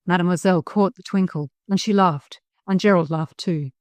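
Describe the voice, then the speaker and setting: A woman narrating a storybook audiobook in a measured, expressive reading. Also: fairly low pitch, no echo.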